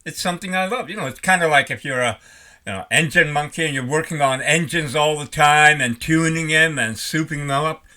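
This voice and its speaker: A retired older man rambling in a folksy, animated way as he talks to his vlog audience. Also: a little high, a little fast. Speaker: vlogger. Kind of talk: casual vlog talk.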